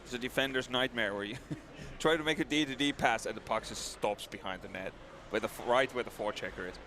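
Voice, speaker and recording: A man's voice: medium pitch, quick pace, a little hiss or hum. A man giving live ice hockey color commentary from the gantry, bantering and laughing. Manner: lively, laughs a lot, banter.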